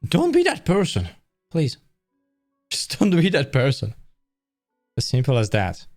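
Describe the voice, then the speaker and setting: A man's voice: medium pitch, huge pitch swings, measured pace, a little mellow, faint music behind. A tired man hosting an art stream, talking casually and correcting himself as he goes. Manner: rambling, self-correcting, conversational. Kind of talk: casual live-stream talk.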